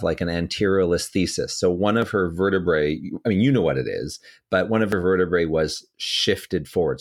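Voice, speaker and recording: A man co-hosting a podcast, telling a work story in a relaxed, rambling way. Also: low voice. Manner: relaxed, rambling, many fillers and restarts. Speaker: physiotherapist podcast co-host.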